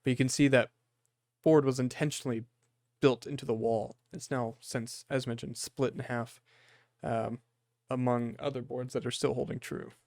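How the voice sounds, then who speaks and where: A man narrating a tabletop horror game as game master, descriptive and unhurried with frequent fillers. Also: medium pitch, fairly even intonation, darkish tone, no room sound, clean studio sound.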